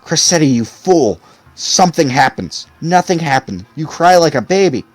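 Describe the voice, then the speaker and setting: A man's voice: on the high side, animated, normal speed, no room sound. A man voicing a tearful aging small-town barber who talks in wistful questions.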